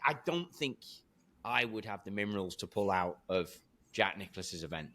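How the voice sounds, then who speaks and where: A man hosting a golf podcast, chatting in a playful, animated, slangy way. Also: lowish voice, moderate pace. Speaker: podcast host. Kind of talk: casual podcast banter.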